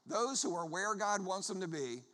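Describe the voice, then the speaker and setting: A man from the Philadelphia area preaching a sermon, a lively storyteller who jokes with his congregation. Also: high voice, moderate pace, big-room sound. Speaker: traveling preacher. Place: church before a congregation.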